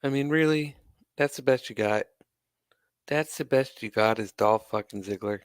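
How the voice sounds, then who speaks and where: A man with a smooth, fairly low voice runs his own wrestling channel, ranting at the camera at a moderate pace. He's exasperated and sarcastic and swears occasionally. The recording is studio quality with no room sound.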